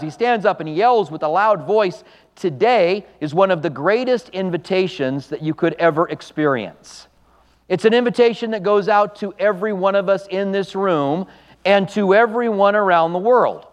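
A man preaching a sermon as a pastor, earnest and a little halting, with small stumbles and restarts. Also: high-pitched, big-room sound.

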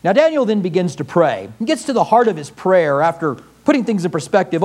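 A man preaching a sermon, acting out quoted prayers in an animated way. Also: high-pitched, brisk, few pauses, slightly rough. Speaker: pastor.

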